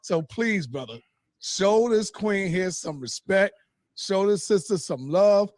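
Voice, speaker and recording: A man moderates a heated debate, calling everyone brother and asking them to calm down. He speaks in a high voice. The recording is dry and close. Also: slow pace, no room sound. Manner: calls everyone brother, tries to calm things down. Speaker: host and moderator. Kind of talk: moderating a live debate show.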